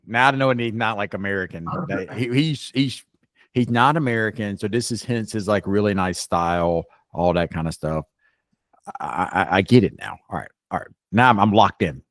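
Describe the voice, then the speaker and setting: Rambling, playfully judgmental low-voiced man. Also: moderate pace, no room sound, studio quality. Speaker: co-host. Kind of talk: casual group chat.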